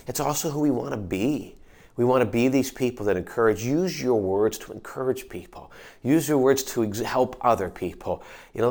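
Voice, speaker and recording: Earnest low-voiced male pastor. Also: vocal fry. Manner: earnest, encouraging, repeats and restarts phrases. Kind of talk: midweek devotional sermon.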